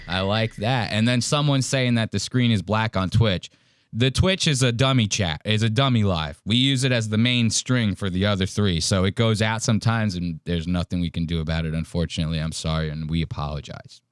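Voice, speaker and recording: A man hosting a podcast in casual chat, telling stories in an animated, profane way. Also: sits low, brisk, hardly any pauses, clear, resonant tone, dry recording, clean studio sound. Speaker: podcast host.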